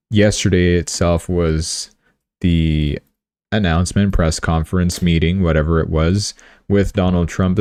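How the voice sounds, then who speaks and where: A man with a low, mellow voice that is recorded dry and close. He comments on the news in a chatty, rambling way, breaking off into joking asides. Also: no room sound. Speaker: livestream host.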